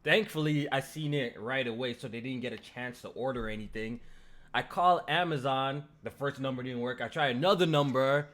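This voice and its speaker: Animated podcast host, man. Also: medium pitch, normal speed. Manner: animated, swearing, storytelling. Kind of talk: casual gaming podcast chat.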